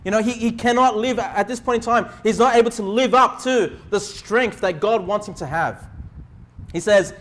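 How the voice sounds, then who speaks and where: A young male pastor preaches a sermon in a strikingly high voice for a man, one that stays notably high from sentence to sentence. He addresses his congregation earnestly, often asking "okay?" to check they're following, at a moderate pace with a slightly bright tone.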